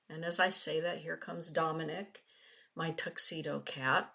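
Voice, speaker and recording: Slow, low-voiced woman chatting on a webinar. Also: steady tone, gravelly, pushed and bright. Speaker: spiritual teacher reading oracle cards. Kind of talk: casual webinar chat.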